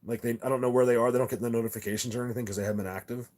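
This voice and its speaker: A man's voice: mid-range voice, steady tone, racing, darkish tone. A man hosting a casual livestream chat, rambling and insistent, with many restarts and repeated words as he talks to his viewers. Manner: earnest and insistent. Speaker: channel host talking to live chat viewers.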